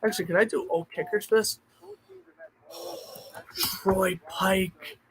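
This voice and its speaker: A male streamer with a notably high voice talks casually to his chat. He thinks out loud as he goes and now and then breaks into excited outbursts. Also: slow, creaky, poor audio. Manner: chatty, thinks aloud, bursts of excitement. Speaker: streamer host.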